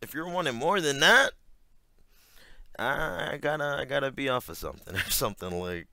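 A man's voice: mid-range voice, expressive, moderate pace, sharp tone, no echo, clean studio sound. A man giving casual reaction commentary, rambling with lots of fillers, frequent swearing and laughter.

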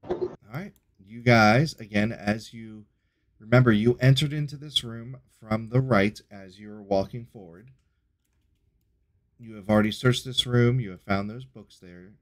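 A man's voice: medium pitch, a little slow. Man narrating a tabletop game. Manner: descriptive, with filler hesitations. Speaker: game master.

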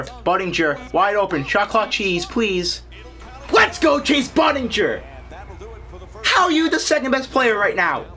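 Excitable young man yelling at a game. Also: a little high. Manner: excitable, complains and shouts at the game. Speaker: gaming YouTuber. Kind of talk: gameplay commentary.

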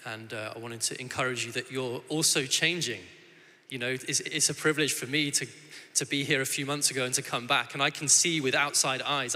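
Bright-voiced man preaching in a reverberant church. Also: mid-range voice. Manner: warm conversational storytelling with frequent restarts. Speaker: guest preacher. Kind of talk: sermon. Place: church hall. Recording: church hall with long reverb.

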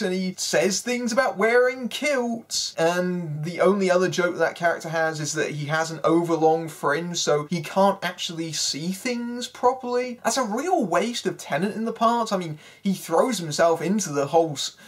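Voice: mid-range voice, normal speed, hardly any pauses. A film critic giving a spoken review in a sarcastic, exasperated manner.

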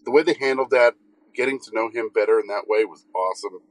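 A man's voice: on the low side, fast talker, low-quality recording. A man from north of Boston leaving an enthusiastic listener message as a caller to a podcast. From Massachusetts, north of Boston. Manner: enthusiastic, gushing fan.

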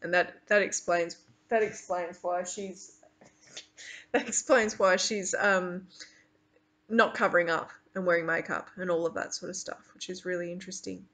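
A woman's voice: fairly low pitch, steady tone, normal speed, a bit bright. A middle-aged woman teacher, reading a novel to her class and thinking aloud about it. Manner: thinks aloud with restarts and fillers when explaining.

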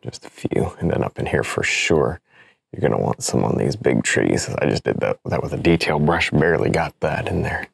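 A man's voice: a bass voice, moderate pace, vocal fry, breathy edge, dry recording. A man demonstrating an oil painting, chatting casually and thinking aloud as he works. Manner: relaxed, chatty, thinks aloud with small laughs. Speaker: painting instructor.

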